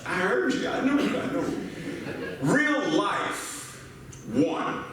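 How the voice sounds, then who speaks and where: An older American minister with a high-pitched voice speaks slowly while preaching a sermon, a crowd audible behind him. He's animated and playful, telling stories and tossing rhetorical questions to the congregation. The echoey recording comes from a distant hall mic in a church sanctuary.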